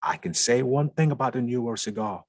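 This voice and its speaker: A man's voice: mid-range voice, brisk, no room sound. A man speaking as a guest in a lounge, talking emphatically and repeating words for stress. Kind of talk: conversational talk.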